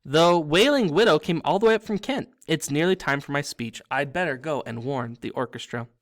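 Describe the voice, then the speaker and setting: A man's voice: a little high, animated, brisk, dry recording, studio quality. A man voicing a proud, touchy old male ghost who speaks stiffly.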